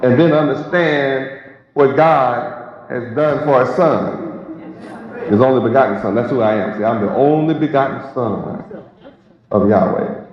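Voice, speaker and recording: Captured in lo-fi with hall echo and a crowd present, this is a man preaching to a congregation in a large hall. His mid-range voice is a little slow with long pauses, and his delivery is emphatic, repetitive, and packed with rhetorical questions.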